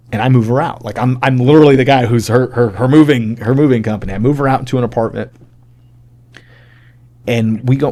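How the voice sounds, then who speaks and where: A man in his forties, an army sergeant major, telling a personal testimony in a casual, animated way, acting out the dialogue and talking with lots of fillers. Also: lowish voice. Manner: animated, acts out quoted dialogue; casual, many fillers like "like" and "you know".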